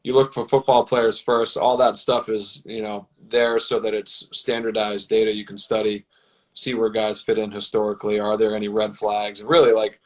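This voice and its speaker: Team personnel director, calm explainer, somewhat low voice. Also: male voice, poor audio. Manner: measured, explanatory, with many fillers. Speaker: football personnel director, guest. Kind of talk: casual interview answers.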